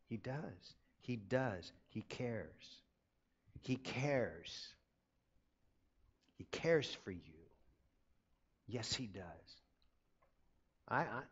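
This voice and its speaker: Middle-aged pastor preaching emphatically. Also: male voice, mid-range voice, big pitch swings, moderate pace, slightly rough. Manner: emphatic, repeats key phrases. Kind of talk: sermon. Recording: dull lo-fi sermon recording.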